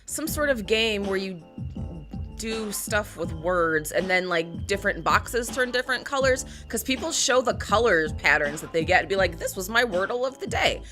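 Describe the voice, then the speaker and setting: A woman's voice: medium pitch, lively intonation, normal speed, bright, forceful tone, faint music behind. A woman co-hosting a live chat, blunt and profane. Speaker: co-host.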